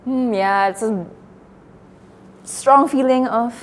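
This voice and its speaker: In a large hall, a woman with a fairly high voice speaks slowly as she narrates her feelings aloud during an acting workshop exercise. She sounds nervous and self-conscious, anxious and breathy, breaking into bursts of laughter.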